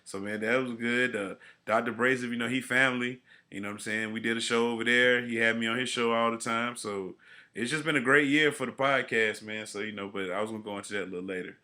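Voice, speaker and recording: Laid-back bright-voiced podcast host man. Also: mid-range voice, steady tone, quick pace. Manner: laid-back, rambling with many fillers. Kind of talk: casual podcast chat.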